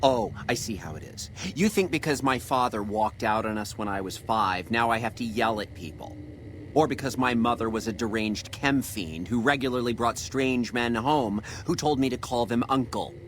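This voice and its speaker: A man's voice: medium pitch, moderate pace, slight background noise, lightly acted. An actor playing an arrogant, volatile male chef who delivers bellowing, profane tirades in a video game. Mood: raging.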